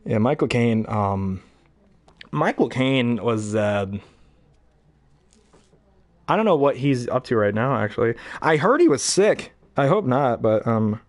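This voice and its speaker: A man's voice: medium pitch, big pitch swings, a little slow, pauses often, no room sound. A young man casually chatting between impressions, rambling and hesitant with many fillers. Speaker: hobby voice actor.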